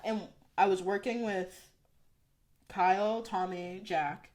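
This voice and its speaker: A woman's voice: mid-range voice, slow. A young woman hosting a casual podcast chat, telling work stories with lots of fillers and quoted asides. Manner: animated storytelling with frequent fillers and quoted asides. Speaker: podcast host.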